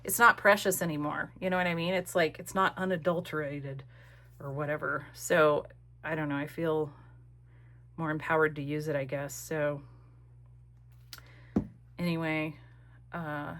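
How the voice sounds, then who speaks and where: A woman's voice: deep voice, fairly even intonation, a little slow, long pauses, fairly bright tone. A woman chatting casually and rambling with many fillers in a crafting vlog, recorded at home on a desk camera. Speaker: crafting vlogger.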